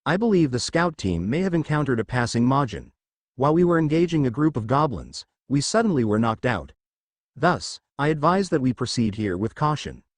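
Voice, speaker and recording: A man's voice: mid-range voice, big pitch swings, normal speed, no echo. A man voicing a cautious young direwolf son giving a dutiful report.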